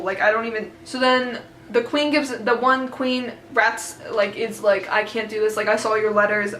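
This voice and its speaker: A woman retelling a book in a casual, excited, rambling way, full of fillers. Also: a little high, echoey room, slight background noise, rough recording. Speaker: book vlogger.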